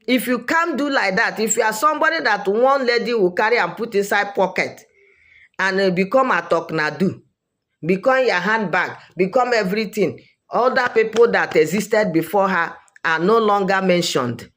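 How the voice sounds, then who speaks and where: A woman's voice: mid-range voice, moderate pace, a bit bright. A woman with a Nigerian accent giving opinionated social commentary, emphatic and repeating her points for weight.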